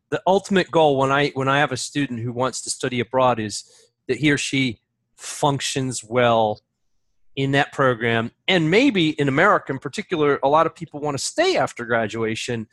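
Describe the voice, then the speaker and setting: Thoughtful male seminar lead, halting restarts, dry recording. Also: mid-range voice, a bit bright, no room sound. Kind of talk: casual discussion.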